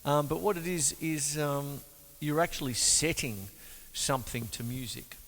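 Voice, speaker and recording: A man's voice: fairly high pitch, measured pace, heavy background noise. A man teaching drums in a joking, chatty way, counting rhythms aloud. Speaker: drum teacher. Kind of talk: jokey drum lesson with spoken counting. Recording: reverberant room with drum music.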